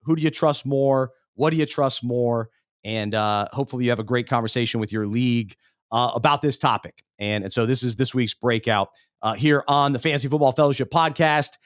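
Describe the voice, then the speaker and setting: A man's voice: medium pitch, brisk, clear, resonant tone, no echo. Earnest podcast guy, dry mic. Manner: earnest, self-interrupting, repeats words. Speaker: podcast co-host. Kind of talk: casual faith-based chat.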